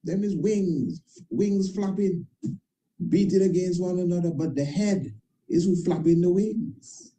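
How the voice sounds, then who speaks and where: A high, dark-toned male voice holds a measured pace on a rough recording. He's a priest hosting an internet show, and his impassioned monologue is emphatic and repetitive, with informal grammar and many tag questions.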